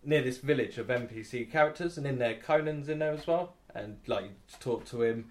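A man's voice: mid-range voice, a little fast, a little mellow. A man, a podcast co-host in casual chat, crude and laughing often as he rambles.

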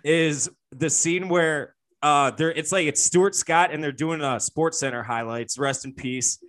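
A man's voice: on the high side, a little slow, a bit bright. Rambling man in casual podcast chat. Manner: rambling, many fillers and restarts. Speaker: podcast co-host.

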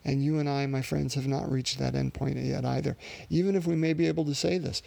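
A man preaching a sermon in an earnest, reflective way, pausing and restarting as he works through his thoughts. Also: medium pitch, steady tone, gravelly, mellow, no echo.

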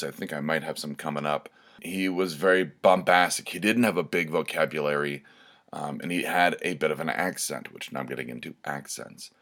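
Deep-voiced man rambling through a podcast. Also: fairly bright tone. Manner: rambling, thinks aloud with many ums. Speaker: podcast host. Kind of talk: casual solo podcast talk.

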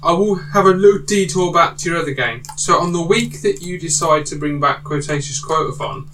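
A man's voice: a little high, brisk, pushed and bright. A man hosting a podcast quiz, teasing the players and swearing casually. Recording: distant mic with clear background noise.

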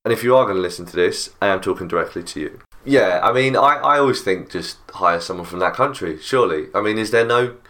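Podcast host, British man, low-ish voice, casual and animated chat. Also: fast, few pauses. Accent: British English. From Britain. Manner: animated, jumpy pitch when making a point.

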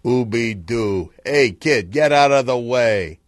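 Brief: smooth-talking lounge singer type, brassy swagger, a man putting it on. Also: mid-range voice, lively intonation, slow, no echo, clean studio sound. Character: swaggering old crooner, impression of a star.

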